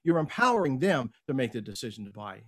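A middle-aged man, a guest on an interview show, telling a business story in a casual, animated way and acting out the quoted lines. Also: mid-range voice, fast. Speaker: podcast guest, speaker and coach.

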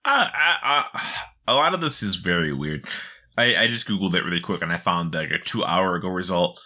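A man's voice: low voice, lively intonation, a little fast, sharp tone. A man co-hosting a casual gaming chat, blunt and joking, swearing freely. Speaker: podcast co-host.

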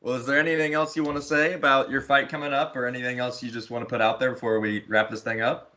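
A man's voice: medium pitch, flat delivery, fast talker, sharp tone. A man hosting a podcast, asking plain questions in an easygoing, casual interview style. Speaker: podcast host.

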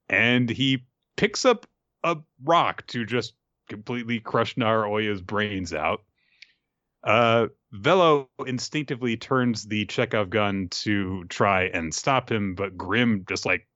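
A man's voice: fairly low pitch, slow, pushed and bright, dry recording, dull audio. A man animatedly recapping a show in casual chat, laughing often.

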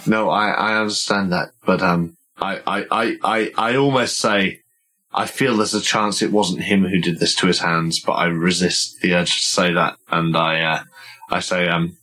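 Earnest, deep-voiced male player. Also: fairly even intonation, moderate pace, pushed and bright, low-quality recording. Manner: earnest, thinking aloud, hesitant. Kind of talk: playing a tabletop game.

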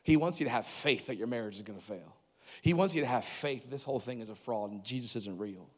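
Man preaching with echoing hall reverb. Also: medium pitch. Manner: animated, rising to loud emphatic peaks with quick asides. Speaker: pastor. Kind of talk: sermon. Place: church service. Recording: long reverb of a large hall.

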